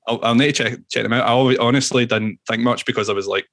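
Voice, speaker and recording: A man's voice: medium pitch, fast, dry recording. Man telling a rambling anecdote. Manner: rambling, animated anecdotes with swearing and laughs. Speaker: guest musician. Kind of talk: casual storytelling interview.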